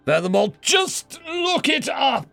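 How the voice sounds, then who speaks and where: A man voicing an exasperated, sarcastic young man stranded in space, snapping and yelling at his rescuers. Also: on the high side, expressive, moderate pace, gravelly, faint music behind.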